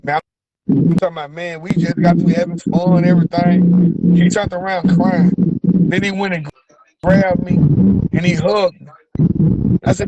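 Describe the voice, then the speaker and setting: High gravelly Southern man, lo-fi chatter. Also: flat delivery, a little slow, long pauses. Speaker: podcast host. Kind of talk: casual chat.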